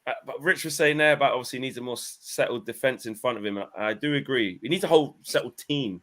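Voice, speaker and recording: A man talks through his views on a casual football panel. He is reflective and hesitant, often restarting sentences. His voice sits at an everyday middle pitch. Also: quick pace, a bit bright. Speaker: football fan channel host.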